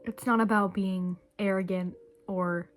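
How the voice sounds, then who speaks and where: A woman's voice: mid-range voice, fairly even intonation, a little slow, soft background music. A young woman talking to camera in a rambling, emotional way, sometimes dropping to a whisper and chewing candy as she speaks. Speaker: vlogger. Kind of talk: casual reflective monologue.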